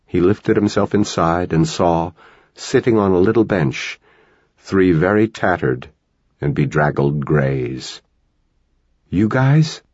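Audiobook: male narrator, very deep, husky, dry, dull recording. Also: darkish tone, no room sound. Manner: measured, dramatic storytelling.

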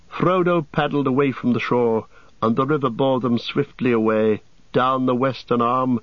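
A man narrating an audiobook with a measured storytelling delivery. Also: medium pitch, dry recording. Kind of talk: scripted narration. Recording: dull audiobook studio sound.

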